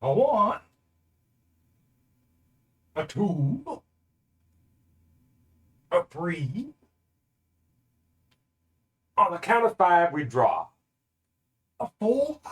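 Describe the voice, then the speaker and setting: A goofy cowboy gunslinger, as a streamer puts him on, drawling out a showdown countdown. The voice is hushed and set back from the mic, and its pitch swings up and down. It sounds like a silly Western parody rather than a serious outlaw. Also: male voice, sing-song, very slow, pauses often, exaggerated voice.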